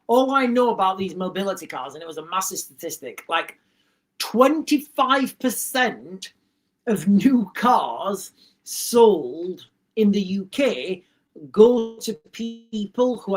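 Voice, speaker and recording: Brief: male livestream host, casual chat reading viewer comments, blunt and rambling, voice on the high side. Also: a bit bright.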